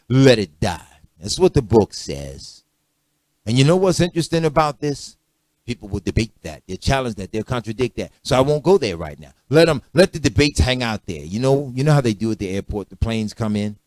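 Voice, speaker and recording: A man preaching a sermon, swinging from quiet conversational asides to loud, emphatic declarations and checking that listeners follow. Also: mid-range voice, no echo.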